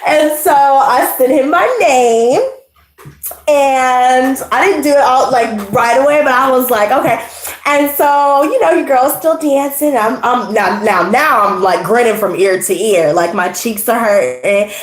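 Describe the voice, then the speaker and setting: A woman hosting her channel, telling a casual story to a live audience, animated and laughing, full of profanity and slang. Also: high-pitched, a little slow, echoey room, a little hiss or hum. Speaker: tarot channel host.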